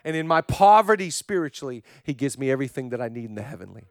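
A man preaching a sermon as pastor, with passionate rhythmic repetition, swinging from loud declarations to hushed, intimate passages. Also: medium pitch, expressive, fast, no room sound, studio quality.

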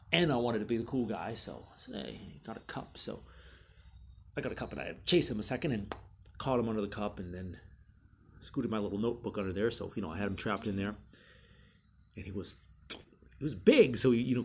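A man hosting his own show, telling prank stories in a casual, animated way and acting out the quotes in high voices. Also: vocal fry, slight background noise. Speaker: podcast host. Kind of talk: casual storytelling monologue.

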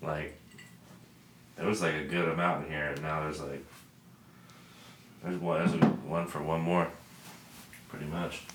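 Very deep-voiced monotone man. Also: a little slow, long pauses, background noise. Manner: self-described monotone, swears freely. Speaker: podcast host; military veteran. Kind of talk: casual chat over drinks.

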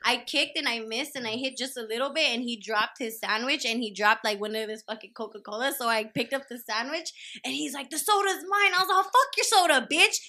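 A woman comedian guest telling a profane, animated story in casual podcast chat. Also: on the high side, brisk, hardly any pauses, slight background noise.

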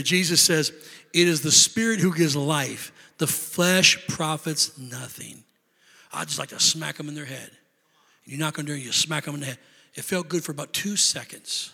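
A man preaching a sermon as pastor, building to loud emphatic peaks and dropping into quieter asides. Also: a little high, vocal fry, long reverb tail. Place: church sanctuary.

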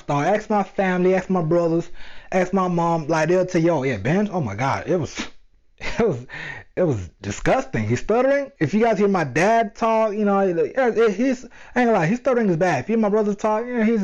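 A young man telling his own story in a casual, animated way, using slang and talking straight to his listeners. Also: high-pitched, normal speed. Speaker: vlogger. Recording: dull lo-fi sound.

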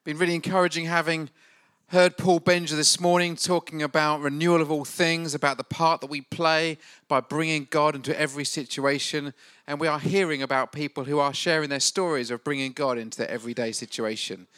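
A man's voice: fairly high pitch, steady tone, a little fast, a bit bright, dry recording, studio quality. A man hosting a church gathering, encouraging the congregation and bantering playfully. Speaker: church event host.

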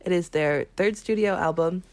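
A woman's voice: fairly low pitch, normal speed, darkish tone, no room sound. Woman co-host, hesitant and giggly. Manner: hesitant, filler-heavy, giggly. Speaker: podcast co-host. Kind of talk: casual chat.

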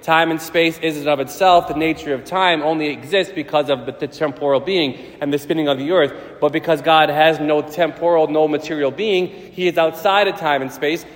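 A man's voice: fairly high pitch, steady tone, brisk, few pauses. A man, a priest, giving a casual, storytelling sermon with playful voiced asides. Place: church. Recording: church hall reverb.

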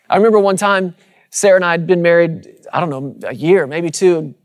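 A man's voice: a little high, fairly even intonation, brisk. A man preaching a sermon to a congregation, using rhythmic repetition and calling out to the listeners. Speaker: pastor. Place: church sanctuary with congregation.

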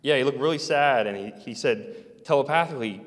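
A man telling a personal story in a casual, halting, meandering way. He sounds like an interviewee recalling his military days. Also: medium pitch. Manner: halting, meandering, soft-spoken. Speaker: interviewee recounting military experiences. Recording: long hall reverb.

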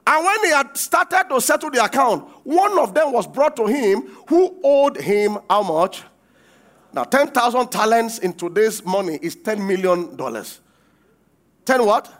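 A man preaching a sermon, reading verses and breaking off to quiz the congregation, acting out the quoted lines with sudden shouts. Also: extremely high pitch, sing-song, a little slow. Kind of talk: sermon with call-and-response.

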